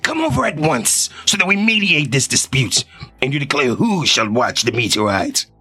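A man's voice: medium pitch, very animated, moderate pace, bright, forceful tone, breathy edge, pitched above the performer's own voice, exaggerated voice. A man voicing a solemn alien eye creature. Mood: formal. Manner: stiff, formal pronouncements. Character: alien eye-creature guardian, formal and commanding.

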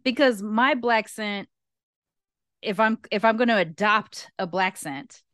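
A woman's voice: mid-range voice, unhurried, fairly bright tone, no room sound, clean studio sound. A woman from North Long Beach giving her frank opinions at length in a casual podcast conversation. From North Long Beach, California. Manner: candid, opinionated, talks at length. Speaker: guest co-host.

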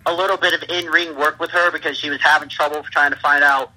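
Bright, husky wrestler on a phone line. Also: male voice, fairly high pitch, steady tone, fast talker. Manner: rambling, laughs through his stories. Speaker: pro wrestler, interview guest. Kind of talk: casual interview talk.

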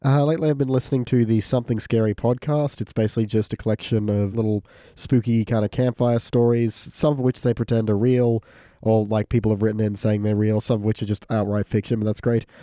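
A man's voice: fairly low pitch, flat delivery, fast talker, few pauses, warm tone, no room sound. A young man, a podcast guest, chatting casually with a dry, sarcastic humor.

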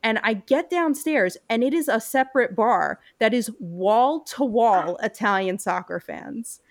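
A woman's voice: a little high, animated, unhurried, no echo, clean studio sound. A young woman, co-hosting a casual chat and telling a story full of fillers. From United States. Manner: chatty storyteller with frequent fillers.

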